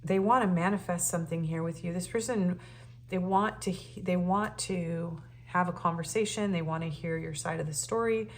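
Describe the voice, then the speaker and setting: A woman's voice: fairly low pitch, normal speed. Earnest woman reading tarot cards. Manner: earnest and emotional, many fillers and restarts. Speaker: tarot reader. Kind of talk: casual spoken tarot reading.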